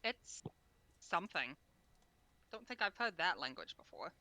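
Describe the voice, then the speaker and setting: A woman's voice: on the low side, sing-song, a little slow, pushed and bright. A woman playing a tabletop role-playing game, speaking in a wry, matter-of-fact way. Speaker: player. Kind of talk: casual tabletop play.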